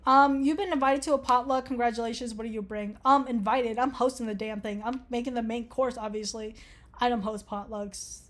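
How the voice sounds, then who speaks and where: A woman's voice: a little high, steady tone, a little fast, a bit bright. A young woman casually talking through an online quiz, sarcastic and swearing freely. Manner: sarcastic, swears a lot, laughs often. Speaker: vlogger taking an online quiz. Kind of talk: casual commentary reading a quiz aloud.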